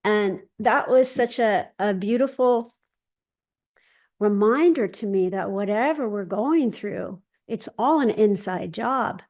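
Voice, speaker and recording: Hosting a spiritual meeting over video call, this woman recounts something from her own life with casual energy. She voices what others said as though performing the dialogue and frequently starts sentences over, using a medium pitch at a slow pace.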